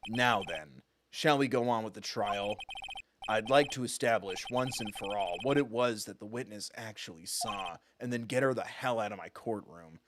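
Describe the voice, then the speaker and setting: A man voicing a flustered, stammering old male judge in a loud, raised voice. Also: on the low side, moderate pace, noisy background, natural voice.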